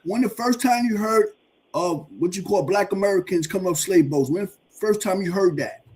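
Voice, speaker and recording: A man's voice: sits high, moderate pace, a little mellow, slightly rough. A man in his fifties, pressing a guest with insistent, repeated questions in a debate. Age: 50s. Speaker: panelist.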